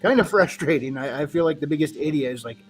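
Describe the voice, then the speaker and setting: A man from New England tells stories in a casual group chat, his voice a bit higher than most men's. He talks in an easygoing, relaxed way. Faint music runs underneath. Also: fast talker. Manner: easygoing storyteller. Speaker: co-host.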